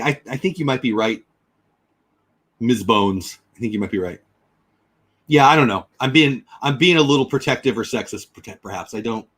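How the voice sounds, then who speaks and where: A man hosting a casual livestream, chatting and thinking out loud as he answers viewers. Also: medium pitch. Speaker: livestream host. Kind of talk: casual livestream chat reading comments.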